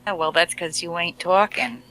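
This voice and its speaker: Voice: medium pitch, moderate pace, vocal fry, pushed and bright. A player voicing a brash, sarcastic woman adventurer who needles and provokes others. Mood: needling. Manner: sassy, needling, tough-talking.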